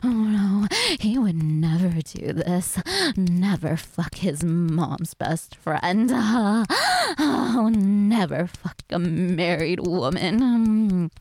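A woman performing an erotic audio role-play, breathy and moaning, swinging between hushed whispers and sudden cries. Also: lowish voice, extremely slow, slight background noise.

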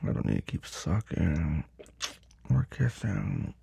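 A man's voice: deep voice, sing-song, takes it slowly, creaky, dark tone, slightly rough. A man performing a dominant audio role-play, commanding and teasing, sometimes dropping to a whisper. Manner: drops to a whisper at times.

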